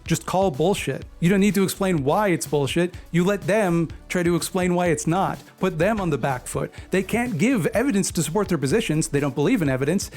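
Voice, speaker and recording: A man giving scripted video-essay narration in a measured, didactic way, laying out points one by one. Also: on the high side, darkish tone. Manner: measured, didactic, list-like delivery.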